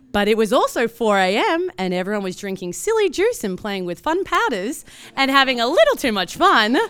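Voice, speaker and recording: An Australian woman in her thirties tells a personal story from her work as a producer. Her pitch swings widely as she acts out each voice in the tale. Her voice comes through smooth and clear. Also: a bit bright.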